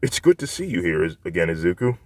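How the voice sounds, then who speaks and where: A man's voice: low voice, big pitch swings, fast, darkish tone, no room sound. A man voicing a polite, well-mannered teenage girl.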